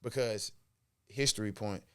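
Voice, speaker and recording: A man's voice: on the low side, a little slow. Laid-back texan guy telling stories. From Texas. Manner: animated storyteller, slangy and laid-back. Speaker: podcast guest, former football player. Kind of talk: casual storytelling chat.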